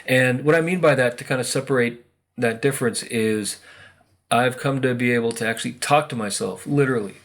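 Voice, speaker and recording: A man's voice: mid-range voice, a little fast, fairly bright tone. An American man talking casually to camera about spiritual energy, rambling with many fillers and acted-out quotes. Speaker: spiritual video host. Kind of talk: casual monologue.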